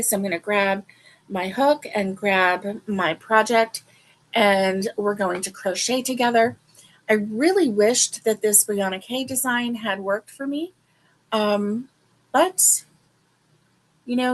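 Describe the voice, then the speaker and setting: Slow, chatty woman crochet streamer. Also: mid-range voice, fairly even intonation. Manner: chatty and rambling, with many fillers; talks to viewers directly. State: yawning, a little sleepy. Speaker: crochet livestream host. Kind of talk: casual livestream chat.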